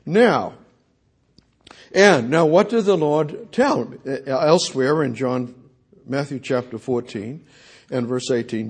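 Slow, husky, animated man preaching. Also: on the high side. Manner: emphatic, repetitive, restarts and stammers. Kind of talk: sermon.

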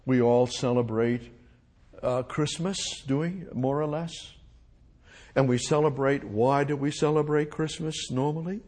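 A man's voice: mid-range voice, darkish tone, breathy edge. A man preaching an expository sermon, repeating phrases and asking his listeners rhetorical questions. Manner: repetitive, rhetorical questions to the congregation.

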